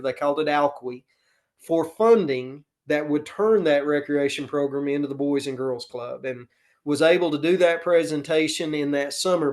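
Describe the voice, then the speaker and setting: A middle-aged man, a football coach talking casually and earnestly in an interview, with many fillers. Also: on the high side. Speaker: podcast guest, football coach.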